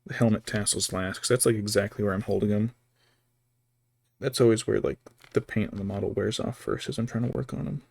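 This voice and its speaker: A man's voice: fairly low pitch, fairly even intonation, brisk, vocal fry, darkish tone, slightly rough. A man streaming as he paints miniatures, talking casually and muttering to himself as he works. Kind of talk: casual chat while working.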